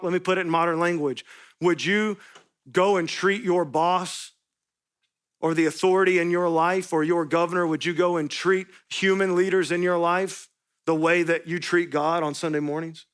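Higher-voiced man preaching a sermon. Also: a bit bright, clear, resonant tone. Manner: earnest, repetitive preaching with rhetorical questions. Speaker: pastor. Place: church sanctuary.

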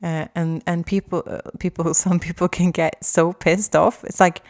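A woman's voice: on the low side, level tone, normal speed. A woman in her forties talking in a casual, rambling way, with many restarts and fillers and frank, mildly sweary speech. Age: 40s. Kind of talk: casual chat.

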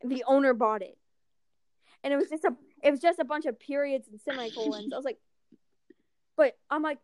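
A woman's voice: high-pitched, brisk, pauses often, no room sound, clean studio sound. A young woman telling stories in casual chat, acting out the people she quotes and swearing freely. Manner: animated, acts out quotes, swears.

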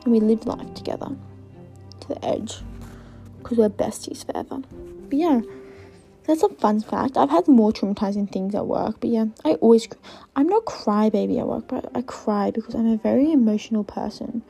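Gravelly young woman rambling on a podcast. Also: fairly high pitch, expressive, a little fast, mellow, soft background music. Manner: rambling, filler-heavy, drops to whispers. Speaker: podcast host. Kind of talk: casual storytelling monologue.

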